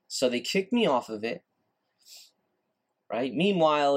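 A man hosting a solo podcast, ranting in a frustrated, repetitive way and swearing casually. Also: medium pitch. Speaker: podcast host.

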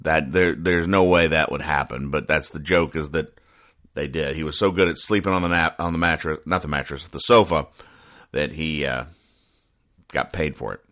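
A man reading comic strips aloud and explaining the jokes in a rambling, deadpan way, with sighs and trailing asides. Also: moderate pace. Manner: rambling, dry, sighing, trailing off low.

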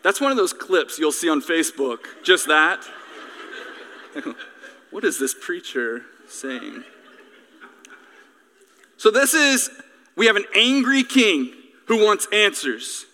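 Male pastor, sermon, animated and joking, bright voice, echoey hall. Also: high-pitched, slow pace, long pauses.

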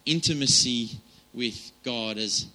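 A man preaches in a relaxed, conversational way, stopping and restarting his sentences often. His voice is very bright and forward, and it sits at an ordinary middle pitch. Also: slow, low-quality recording. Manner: casual and chatty, many fillers and restarts. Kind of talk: informal sermon.

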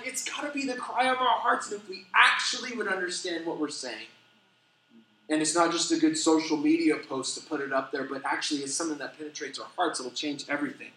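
A middle-aged man preaching a sermon as a pastor, telling stories with animated, self-deprecating humor. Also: a little high, fairly quick. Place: church sanctuary. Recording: echoey church hall.

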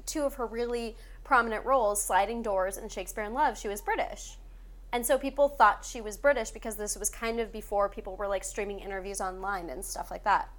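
A woman chatting casually as a podcast co-host, rambling through anecdotes with quick asides. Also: a little high, a bit bright. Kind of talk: casual chat about the Oscars.

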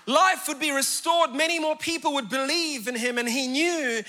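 A man preaching a sermon as a pastor, swinging between fervent shouts and hushed, confessional speech. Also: very high-pitched, normal speed. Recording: church hall with long reverb.

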